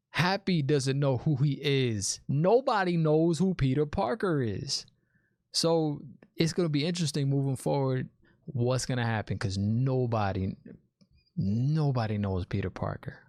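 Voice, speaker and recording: A man's voice: mid-range voice, a little slow, a little mellow, no echo, clean studio sound. A man giving a casual spoiler review of a movie. He talks in a chatty, enthusiastic way, restarts his sentences and often calls the listener "man". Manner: repeats himself and restarts sentences.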